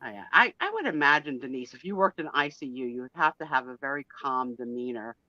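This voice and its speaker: Woman, live chat host, bright forceful voice, animated, dull lo-fi sound. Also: a bass voice, fast, dry recording. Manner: animated, laughing, dramatic outbursts.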